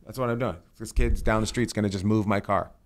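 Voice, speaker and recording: A man's voice: fairly low pitch, fairly even intonation, quick pace. A man hosting a podcast, telling rambling stories in casual chat and swearing freely. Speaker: podcast host. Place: lives in California.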